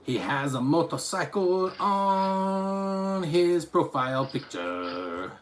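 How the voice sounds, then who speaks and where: A man's voice: a little high, sing-song, slow pace. A man from Utah chatting on a live stream, reading his chat aloud and rambling through restarts and asides. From Utah, USA.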